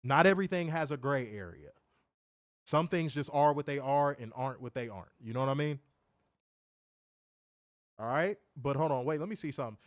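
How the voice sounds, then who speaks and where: A man co-hosting a wrestling review stream, answering viewer comments in casual, animated chat. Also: mid-range voice, brisk, pauses often, dry recording, studio quality. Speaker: wrestling show co-host.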